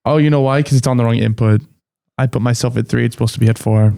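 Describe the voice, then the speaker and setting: A man with a gravelly, creaky voice at a middle pitch, heard close and dry. He is a regular on a casual morning show who tosses in wry, teasing quips while handling the tech. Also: fairly even intonation, fast talker, mellow, no room sound.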